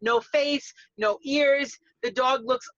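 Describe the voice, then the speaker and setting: A woman with a New York accent, a dog groomer chatting casually on a podcast, lively and quick to laugh. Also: sits high, no echo, lo-fi sound. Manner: lively, laughs often, drops into playful voices.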